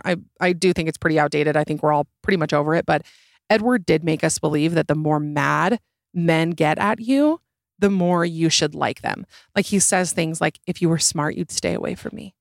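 A young woman hosting a solo podcast, talking in a sarcastic, exasperated way and jumping up in pitch for emphasis. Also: normal speed, creaky, no room sound, studio quality. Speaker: podcast host.

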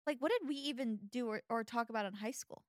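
A young woman with a Valley Girl accent and a naturally fried voice. She rambles in a relaxed way, full of "like" and "you know". The sound is close and dry. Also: on the high side, fast talker, no room sound. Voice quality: vocal fry. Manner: rambling, filler-heavy, laughs often. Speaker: podcast co-host. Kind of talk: casual chat.

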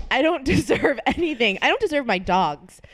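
A woman's voice: high voice, very animated, measured pace, fairly bright tone. A woman hosting a podcast in a casual chat from her apartment, hungover, joking at her own expense and laughing often. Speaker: podcast host.

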